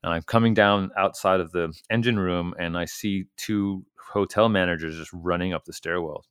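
A man's voice: deep voice, steady tone, normal speed, a bit bright, clear, resonant tone, dry recording, clean studio sound. A man, a guest on a talk show, telling a long anecdote in a casual way, with many fillers and restarts. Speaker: guest, urban BASE jumper. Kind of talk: casual storytelling chat.

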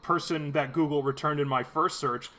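A man's voice: on the high side, steady tone, normal speed, over a noisy crowd. A man in casual podcast chat, bluntly critical and full of fillers.

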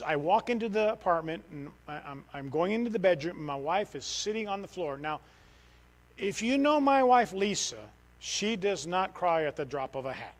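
Middle-aged missionary guy preaching in church, high voice, gets loud then goes real quiet. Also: low-quality recording. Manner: animated, swings from loud outbursts to quiet. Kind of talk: sermon.

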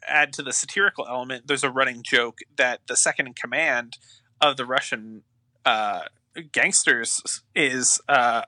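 A man with a very bright, forceful voice at an ordinary middle pitch chats casually on a movie podcast. He mostly chimes in with short agreements, then takes over to retell a moment with energy. The recording is dry and close. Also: steady tone, normal speed, no echo. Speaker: podcast co-host. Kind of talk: casual movie review chat.

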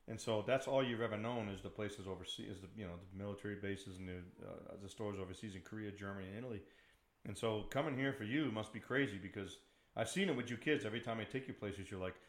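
A middle-aged man hosting a casual podcast, ranting in an exasperated, rambling way and poking fun at himself. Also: fairly low pitch. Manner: exasperated, rambling, self-mocking. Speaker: podcast host.

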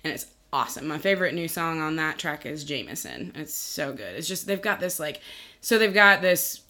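Young woman singer, guest on a chat show, bright and animated, giggly. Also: deep voice, normal speed. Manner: giggly, chatty, says "like" a lot. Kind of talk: casual chat.

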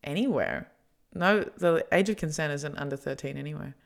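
A woman's voice: deep voice, moderate pace, vocal fry. A woman hosting a podcast in casual chat, blunt and joking, often laughing. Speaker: podcast host.

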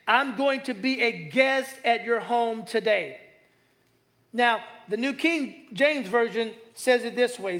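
A man preaching a sermon in a conversational, joking way, stretching key phrases slowly for emphasis. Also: very high voice, sharp tone. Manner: conversational, joking asides with the congregation. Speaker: pastor.

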